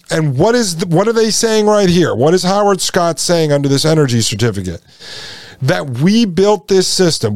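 Man, podcast host, emphatic monologue, slightly high voice, dry close sound. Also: darkish tone, dry recording. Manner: emphatic, repetitive, addresses listeners as folks. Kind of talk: solo commentary show.

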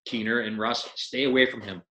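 Bright-voiced man telling animated stories. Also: fairly low pitch, a little fast, echoey room, rough recording. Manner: animated storyteller acting out quotes, laughs often. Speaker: podcast guest, retired hockey player. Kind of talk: casual storytelling.

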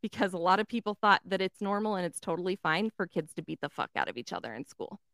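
A woman's voice: lowish voice, animated, fast talker, fairly bright tone, no echo, studio quality. Blunt, profane storytelling woman. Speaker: podcast co-host telling a story. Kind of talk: casual chat.

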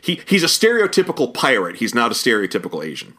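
Animated man chatting with bright tone. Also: mid-range voice, quick pace, husky. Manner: lively, chuckling, stumbles over names. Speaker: podcast co-host. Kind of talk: casual chat about a cartoon series.

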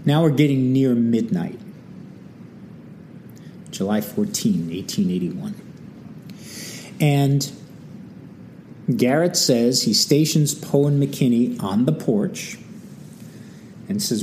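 A man's voice: medium pitch, slow, long pauses, slight background noise. A man hosting a history talk, telling the story casually with wry asides and acted-out quotes. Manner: animated and wry, acting out quotes, many asides. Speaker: history channel host.

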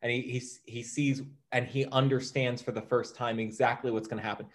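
A man with a mid-range voice co-hosts a casual conversation about films. He speaks deliberately, laying out his thoughts step by step. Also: medium pitch, level tone. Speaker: podcast co-host. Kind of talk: casual film discussion.

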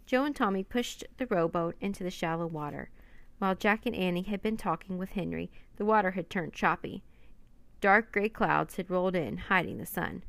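Low, gravelly woman reading a children's story. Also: moderate pace, no room sound. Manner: reads every character in lightly raised voices. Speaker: narrator. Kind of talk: audiobook narration of a children's story.

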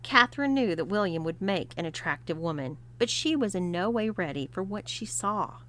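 A woman narrating a written story with an expressive, steady delivery. Her voice sits in a middle range for a woman. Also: medium pitch, moderate pace.

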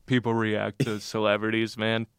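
A man who works at a comedy club telling an excited anecdote in a casual podcast chat. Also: lowish voice, moderate pace, smooth, no echo, clean studio sound. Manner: animated, excitable storyteller.

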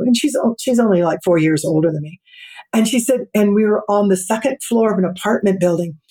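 A middle-aged woman, a podcast guest, telling a personal story in an earnest, reflective way and slowing down for emphasis. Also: mid-range voice, mellow, husky. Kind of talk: storytelling in an interview.

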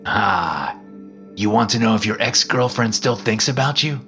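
A man voicing Lucifer, a smug and mocking male devil who speaks calmly and knowingly in a horror story reading. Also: fairly low pitch, moderate pace, soft background music, voice pushed up.

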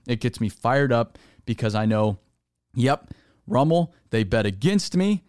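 A man's voice: mid-range voice, expressive, a little slow, darkish tone, no echo, studio quality. A man hosting his own solo podcast, talking in a fired-up, emphatic way, swearing and repeating words for stress. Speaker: podcast host.

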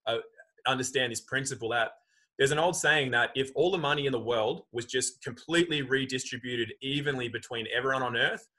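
Bright-voiced man talking animatedly. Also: medium pitch, fairly quick, low-quality recording. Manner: animated, acts out quoted voices. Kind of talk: casual conversation.

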